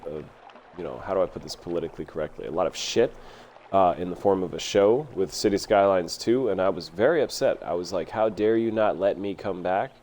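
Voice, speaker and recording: A man streaming a city-building game live, rambling excitedly and talking to himself as he plays. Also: lowish voice, a little hiss or hum. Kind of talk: casual live gameplay commentary.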